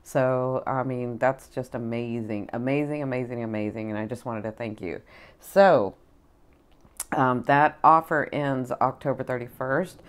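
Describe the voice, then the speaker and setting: A woman's voice: a bass voice, steady tone, a little slow. A middle-aged woman tarot reader and spiritual advisor chatting casually to her viewers, effusive and repetitive, full of fillers. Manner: effusive, repeats herself, many fillers. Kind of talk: casual tarot chat to camera.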